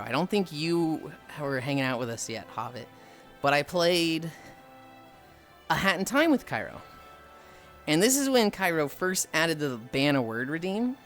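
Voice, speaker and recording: Woman streamer chatting on stream, lots of up and down in her voice, faint music behind. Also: low voice. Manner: animated storytelling, acts out quoted people. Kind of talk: casual chat with friends and chat.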